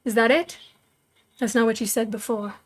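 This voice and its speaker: A woman voicing an earnest, protective young man in a read-aloud story, with a low-key, plain delivery. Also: steady tone, normal speed, natural voice. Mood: bitter.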